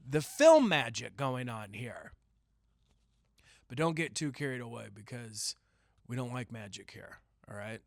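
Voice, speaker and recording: Casting: young man, mid-pitch voice, solo podcast host, rambling jokey storyteller, dry close mic. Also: sing-song, a little slow, dry recording. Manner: rambling, jokey storytelling with sudden loud yelps. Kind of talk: casual solo podcast rant.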